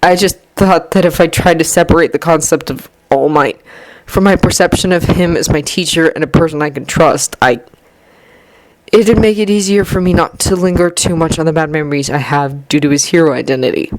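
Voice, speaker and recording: A woman voicing a reserved, guarded teenage boy who talks quietly and hesitantly, in a muttering way. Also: sits low, fairly quick, no room sound, lightly acted, rough recording. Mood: subdued.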